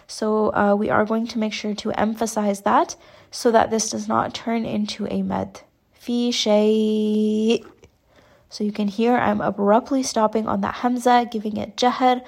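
A woman teaching Quran recitation rules, explaining each sound slowly and carefully and demonstrating the examples herself. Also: mid-range voice, creaky, darkish tone. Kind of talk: tajweed lesson with recited examples.

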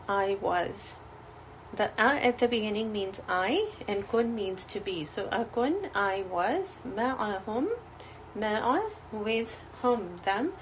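A woman explains Arabic words one by one at an unhurried pace. Her pitch sits in the middle, and she stays patient and methodical. A faint hum runs underneath. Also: rough recording. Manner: slow, patient, glossing each word. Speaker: Arabic teacher. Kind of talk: word-by-word Quranic Arabic lesson.

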